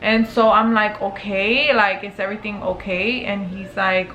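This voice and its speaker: Brief: young woman vlogger, chatty storyteller, bright forceful tone, roomy home echo. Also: mid-range voice, level tone, normal speed, few pauses, lo-fi sound, a little hiss or hum. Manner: chatty, filler-heavy, swears casually, acts out quotes. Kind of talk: casual storytelling to camera. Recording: echoey room with faint ambience.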